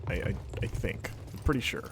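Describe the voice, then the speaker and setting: A man's voice: a little fast, a little hiss or hum. A man hosting a game livestream, chatting casually and joking while narrating his own play. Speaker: game-playing host. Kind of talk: casual livestream gameplay commentary.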